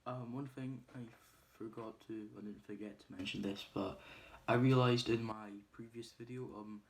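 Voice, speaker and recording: A man's voice: mid-range voice, fairly even intonation, normal speed. A man casually recapping a film's plot, rambling with lots of ums and uhs. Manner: acts out quoted lines loudly. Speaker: movie reviewer. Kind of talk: casual spoiler review.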